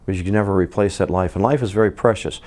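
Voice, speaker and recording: Earnest low-voiced man telling stories. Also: rapid-fire, darkish tone. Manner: earnest, storytelling with repeated restarts; rhetorical questions answered himself. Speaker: podcast host. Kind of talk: casual monologue.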